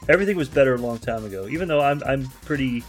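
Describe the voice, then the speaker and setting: A man's voice: mid-range voice, lively intonation, very fast, soft background music. A man co-hosting a podcast, giving blunt opinions with frequent swearing. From lives in Tennessee. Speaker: podcast co-host. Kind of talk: casual chat.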